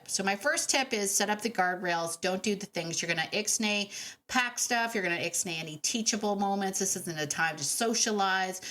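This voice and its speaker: A woman hosting a dog training podcast, telling stories in a chatty, animated way with laughs and fillers. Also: medium pitch. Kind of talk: casual podcast monologue.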